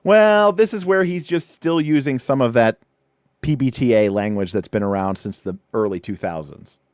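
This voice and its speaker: A man hosting a livestream, casually walking through a rulebook, with animated, chatty asides and points repeated for emphasis. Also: mid-range voice, normal speed, smooth, dry recording, clean studio sound. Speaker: livestream host.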